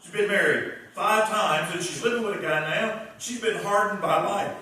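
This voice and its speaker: A man preaching a revival sermon, telling the story in an animated way and acting out the characters' lines. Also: high-pitched, moderate pace. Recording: echoey hall, distant mic.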